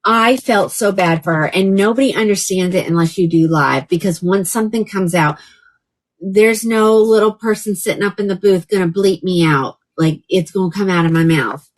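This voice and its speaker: A woman's voice: mid-range voice, normal speed. A woman from Oklahoma hosting a live shopping stream, chatting casually with viewers by name and gushing over products. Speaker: live shopping host selling wigs. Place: indoors by a fan.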